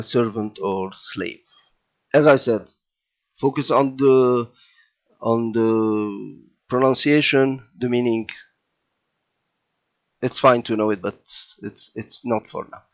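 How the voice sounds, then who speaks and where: A man teaching a children's language lesson over slides, patient and deliberate, often checking in with "okay?" and restarting his phrases. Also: medium pitch. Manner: patient, repeats and checks in with "okay?" and "all right?"; slow and deliberate, with fillers and restarts.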